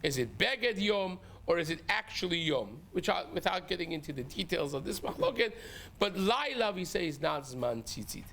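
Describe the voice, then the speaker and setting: A man, a rabbi, teaching a Talmud lesson, explaining passages in an animated way and dropping in Hebrew and Aramaic terms. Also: sits high, moderate pace, creaky, slight background noise.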